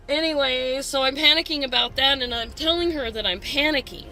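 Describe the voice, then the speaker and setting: A woman caller ranting agitatedly about a bad appointment, talking fast when upset and complaining. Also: sits high, bright, forceful tone, faint music behind. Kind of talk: rambling personal rant.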